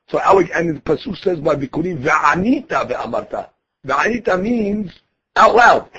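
Husky-voiced man teaching Talmud, lo-fi. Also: high voice, animated, moderate pace, bright, forceful tone. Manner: conversational, explains text phrase by phrase with restarts. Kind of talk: daily Talmud class explanation.

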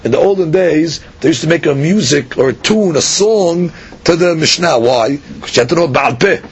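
A man's voice: animated, normal speed, slightly rough. A man teaching a daily Talmud class in a Sephardic Hebrew style, explaining Aramaic phrases line by line with frequent fillers and repeats. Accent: Sephardic Hebrew pronunciation. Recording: dull lo-fi podcast audio with faint rumble.

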